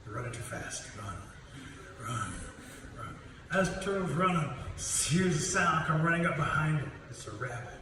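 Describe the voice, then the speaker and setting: A fairly high-voiced man spins stories for a room of students, lively and chuckling as he acts out each voice. He is heard from across a big echoing hall with steady background noise. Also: normal speed, far from the mic. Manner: lively, chuckling through his own jokes, acting out voices. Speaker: storyteller. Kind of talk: storytelling to students.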